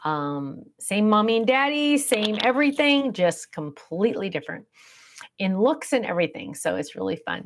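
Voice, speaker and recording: A woman's voice: mid-range voice, big pitch swings, moderate pace, creaky. A middle-aged woman hosting a casual livestream, chatting in a rambling way and reading out viewer comments. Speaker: livestream host.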